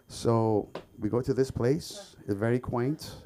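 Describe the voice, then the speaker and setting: A man from the Middle East performing an open mic stand-up set, with lots of ums and bursts of loud shouting. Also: medium pitch, very animated, moderate pace, few pauses. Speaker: stand-up comedian. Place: comedy club stage.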